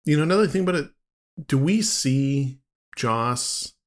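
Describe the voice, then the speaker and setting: A man's voice: medium pitch, animated, unhurried. A man hosting a casual podcast about a film, joking around. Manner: jokey, slips into silly voices. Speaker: podcast host. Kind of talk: casual movie discussion chat.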